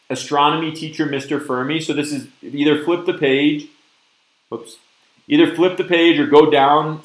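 A man's voice: on the high side, a bit bright, reverberant, low-quality recording. A man teaching a live-streamed test prep lesson, upbeat and often checking in with "okay?" and "right?". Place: virtual classroom stream.

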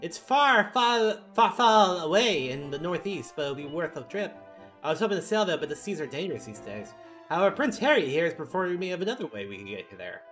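A man's voice: fairly high pitch, big pitch swings, brisk, a bit bright, faint music behind. A man voicing a flamboyant rich casino-ship owner in a game read-along, with hammy mock-Italian flourishes. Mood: boastful.

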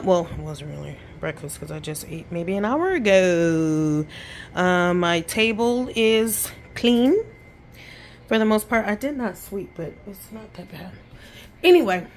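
A woman's voice: mid-range voice, slight background noise. A woman chatting bluntly in a casual home vlog from her kitchen, swearing freely and talking with her lips barely open. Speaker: vlogger.

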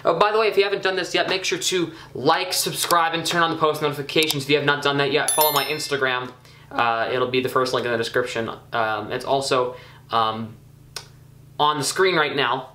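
Young guy talking thru his game, bright forceful voice, kinda echoey room, faint hum behind. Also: a little high, brisk. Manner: chatty, excitable, self-critical with frequent ums and uhs. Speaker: gaming YouTuber. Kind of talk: casual gameplay commentary.

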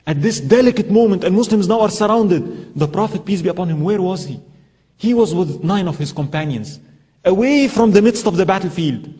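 A man's voice: high voice, dark tone. A man giving a sermon talk, telling stories with emphatic rhetorical questions. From Egypt. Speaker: Islamic speaker. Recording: lecture hall with long reverb.

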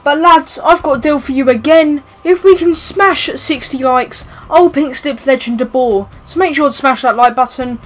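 High-pitched gaming YouTuber. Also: female voice, normal speed, few pauses. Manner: swears, begs and shouts at the match. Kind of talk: excited gameplay commentary.

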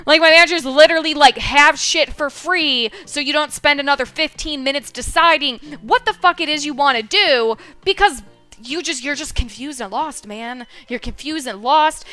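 A woman telling an exasperated, swear-heavy story about a slow customer at her retail job. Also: sits high, pushed and bright, soft background music. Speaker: streamer telling a work story. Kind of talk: casual storytelling rant.

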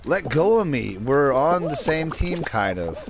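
A man's voice: a little high, big pitch swings, unhurried, creaky, over music. A young man giving casual, joking commentary while streaming a game, rambling and snapping at teammates now and then.

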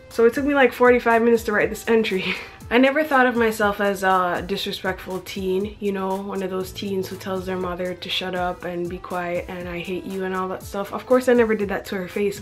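A young woman reading her teenage diary aloud, breaking off for chatty, self-mocking asides and frequent giggles. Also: mid-range voice. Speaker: vlogger.

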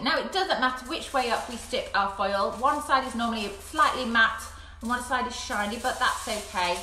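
A woman leading a live craft session for young children at home, talking gently and encouragingly. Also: on the high side, lively intonation, moderate pace, background noise. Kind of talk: live-streamed play-along craft session. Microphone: phone camera. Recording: echoey room at home.

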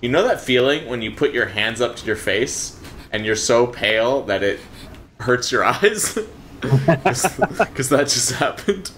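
A man's voice: mid-range voice, animated, measured pace, a bit bright, a little hiss or hum. A man hosting a let's play, chatting casually as he plays, laughing often and swearing now and then. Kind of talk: casual gameplay commentary.

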